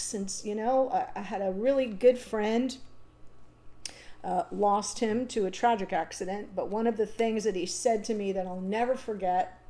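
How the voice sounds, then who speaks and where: Mellow-voiced woman giving a tarot reading. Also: on the high side. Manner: thoughtful, reassuring, thinks aloud with frequent ums and restarts. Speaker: tarot reader. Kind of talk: unscripted tarot reading monologue.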